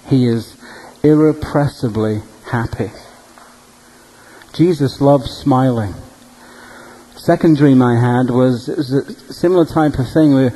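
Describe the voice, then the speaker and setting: A male preacher telling dream stories in a sermon, animated and humorous. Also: mid-range voice, low-quality recording. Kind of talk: storytelling sermon.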